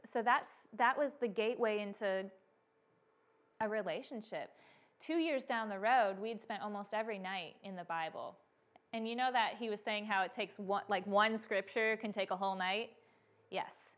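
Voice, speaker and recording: A young American woman speaking as a missionary gives her faith testimony to a church audience. Her voice is a little high, and she tells her stories animatedly, filling pauses often with "um" and "you know."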